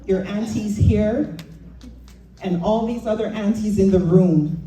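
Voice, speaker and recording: A woman's voice: medium pitch, unhurried, mellow. A woman giving a heartfelt, grateful acceptance speech at an awards event. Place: event hall. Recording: echoey hall, distant mic, faint ambience.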